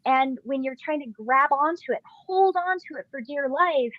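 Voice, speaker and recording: A woman's voice: high-pitched, normal speed, no echo, highs cut off. A woman co-hosting a podcast, explaining spiritual practice in a reflective, chatty way. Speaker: podcast co-host. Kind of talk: casual podcast conversation.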